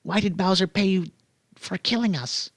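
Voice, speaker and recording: A man's voice: sits high, normal speed, dry recording, studio quality, pitched above the performer's own voice. A man voicing a nervous, confused little dinosaur with stammering, squealing lines.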